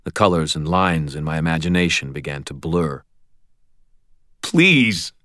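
Deep-voiced male audiobook narrator. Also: steady tone, fairly quick, a bit bright, no echo, studio quality. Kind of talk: first-person novel narration.

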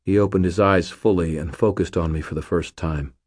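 A man's voice: low voice, fairly even intonation, a little fast, a little mellow, breathy edge, dry recording, studio quality. A man reading a first-person story aloud in a wry, terse, hard-boiled manner. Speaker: audiobook narrator. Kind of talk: first-person scripted narration.

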